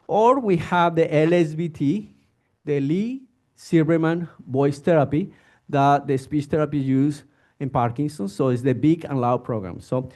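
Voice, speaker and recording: A male physician gives a relaxed, informal lecture to an audience. His voice sits fairly high yet sounds dark and mellow. He slips into little acted scenes with patients as he explains. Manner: animated, acts out patient exchanges.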